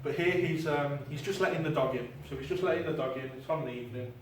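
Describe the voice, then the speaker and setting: Guy rambling through a talk to a crowd, bit high voice, loud echo, sounds far from the mic, noisy. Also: quick pace. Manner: chatty, informal, self-deprecating with filler ums. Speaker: paranormal investigator giving a talk. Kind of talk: live presentation to an audience. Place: hall with an audience. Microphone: clip-on mic heard from a distance. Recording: very echoey hall, distant mic, noisy.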